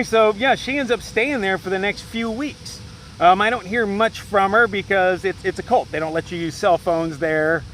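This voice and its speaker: A man's voice: high voice, a bit bright, slight background noise, low-quality recording. A man, a solo hiker, telling a rambling story in a profane, agitated way, full of fillers. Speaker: solo trail hiker vlogger. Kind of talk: rambling casual rant.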